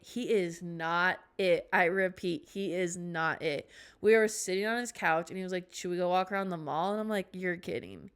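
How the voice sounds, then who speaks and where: In a casual storytime chat, a young woman podcast host rambles through a story, drifting into tangents and poking fun at herself. She has a clear, resonant, medium-pitched voice.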